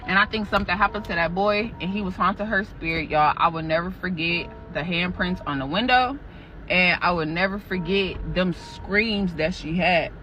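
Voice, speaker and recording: A woman's voice: lowish voice, normal speed, bright, forceful tone. A young woman animatedly telling a scary true story about her job, cursing and talking straight to the listeners. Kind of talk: casual spoken storytelling. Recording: muffled audio with music underneath.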